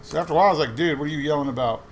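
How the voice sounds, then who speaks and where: A man's voice: fairly high pitch, racing, slight background noise. A man casually telling a rambling anecdote while sorting coins, quoting other people's lines as he goes. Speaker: coin roll hunting vlogger. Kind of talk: casual storytelling while searching coin rolls.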